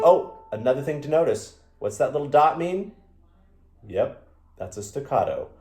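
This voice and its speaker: A man's voice: mid-range voice, big pitch swings, normal speed, over loud music. A man teaching a violin lesson, patiently counting beats aloud in a sing-song way. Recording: echoey room with violin playing.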